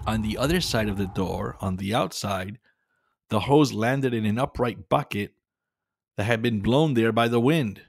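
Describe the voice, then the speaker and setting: A man narrating a children's adventure story in a calm, measured way. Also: fairly low pitch, vocal fry, slightly rough, no room sound. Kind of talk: scripted narration.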